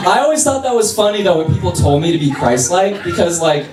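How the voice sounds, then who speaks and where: A young man from Los Angeles doing a sassy, animated stand-up comedy set on a club stage, with an audience laughing. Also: sits high, quick pace, recorded from a distance, very noisy. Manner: sassy, animated, mocking impressions. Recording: echoey club recorded from afar.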